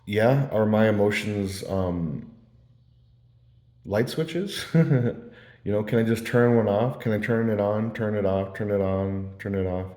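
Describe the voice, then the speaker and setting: Mellow low-voiced man rambling casually. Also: measured pace. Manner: meandering storytelling with many fillers and restarts. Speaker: vlogger. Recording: roomy echo.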